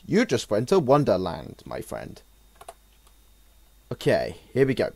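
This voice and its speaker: A young man giving let's-play commentary on a horror game, jumping and exclaiming loudly when startled. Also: medium pitch, huge pitch swings, unhurried, gravelly. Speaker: gaming channel host.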